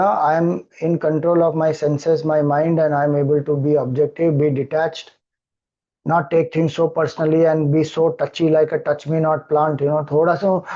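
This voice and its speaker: A man's voice: on the high side, dark tone, muffled recording. A man with an Indian accent, a spiritual teacher explaining scripture, who keeps repeating verses and asking rhetorical questions. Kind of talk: scripture discourse.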